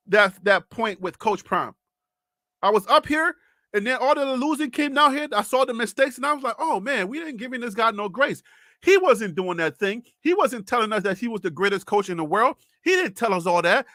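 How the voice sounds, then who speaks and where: A man's voice: very high-pitched, sharp tone, no echo, studio quality. A man hosting a live sports talk show, speaking in an impassioned, pleading way and repeating himself. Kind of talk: live sports commentary monologue.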